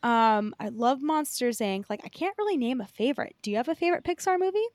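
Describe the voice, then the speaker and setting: Rambling young woman, high voice. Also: animated, fast talker, a little mellow, no room sound. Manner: rambling, filler-heavy, swears casually. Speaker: podcast co-host. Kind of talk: casual chat.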